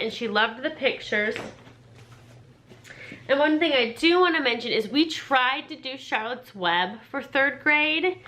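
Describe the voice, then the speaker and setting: A woman who homeschools her children, talking through reading books in a relaxed, chatty way. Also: on the high side. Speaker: homeschooling parent. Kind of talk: casual explanatory vlog.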